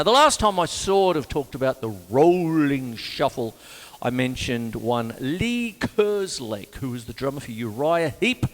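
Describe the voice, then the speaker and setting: A man's voice: mid-range voice, in a large hall. A man with an Australian accent teaching drums in a casual, rambling way, counting beats aloud and often saying "you see". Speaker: drum teacher. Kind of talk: casual music lesson.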